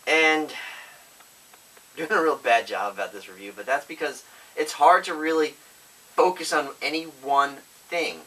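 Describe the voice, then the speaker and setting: A man with a high, bright, sharp-edged voice talks through a movie review in a loose, rambling way, drifting into tangents and restarting his sentences. He gets loud and fired up when he pushes a point. His voice sits a little back from the microphone. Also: unhurried, pauses often, recorded from a distance, rough recording. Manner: rambling, goes off on tangents, self-correcting. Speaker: film reviewer.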